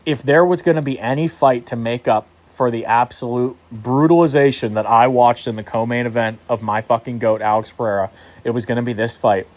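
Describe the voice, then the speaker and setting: A young man giving a casual fight recap in a heated, profane rant. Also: mid-range voice. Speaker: MMA commentator vlogger.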